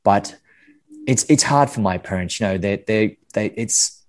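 A man's voice: on the low side, a little slow. A man speaking candidly as a podcast guest, often restarting and repeating words, with casual swearing. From Australia. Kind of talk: candid interview conversation.

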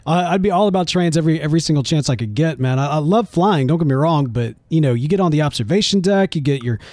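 A man's voice: on the high side, animated, fast, darkish tone, no echo. A man co-hosting a podcast in a casual, rambling chat who often calls his co-host "man". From United States. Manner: laid-back, rambling, often says "man".

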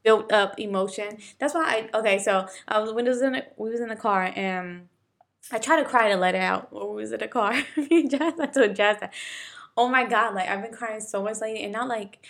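Young woman, casual chat, blunt and swearing, quick to laugh. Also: mid-range voice, gravelly. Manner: candid, swears freely, laughs often.

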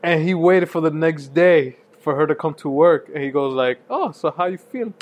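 A man's voice: a little high, moderate pace. A man in a casual podcast chat who laughs often, jokes and teases his friend. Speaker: podcast co-host. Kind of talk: casual chat over beer.

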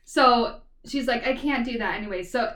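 A woman's voice: on the high side, moderate pace, distant mic. Chatty woman retelling a story. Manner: animated retelling, heavy use of "like". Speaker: book podcast co-host. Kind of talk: casual chat. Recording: roomy echo, away from the mic.

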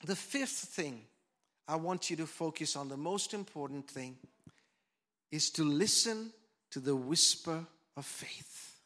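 In a church hall, a pastor with a slightly high voice preaches a lively sermon into a handheld mic. He alternates between loud shouts and soft whispers.

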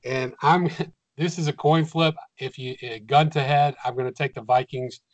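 Dude breaking down football picks, measured and thoughtful, dry muffled sound. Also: male voice, mid-range voice, steady tone, no room sound. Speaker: sports podcast co-host. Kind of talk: casual sports chat.

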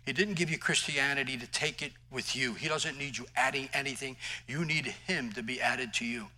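A man's voice: medium pitch, normal speed, sharp tone, low-quality recording. A male pastor preaching a sermon in an emphatic, conversational way, mixing scripture with personal stories.

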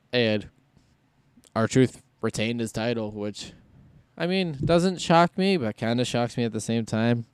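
A man's voice: mid-range voice, darkish tone, smooth, no echo. A man hosting a solo podcast in casual chat, rambling and thinking aloud as he goes. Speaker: podcast host.

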